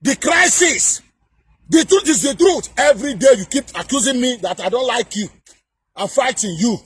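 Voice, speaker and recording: A man with a Nigerian accent delivering a heated political rant to camera, repeating himself and often shouting. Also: very high voice, lively intonation, moderate pace, slightly rough, no room sound. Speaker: political commentator.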